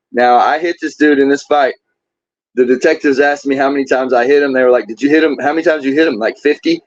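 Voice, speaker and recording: A man's voice: medium pitch, dry recording. A man telling his story as an interview guest, candid and rambling, often repeating words. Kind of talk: casual storytelling. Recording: dull lo-fi sound.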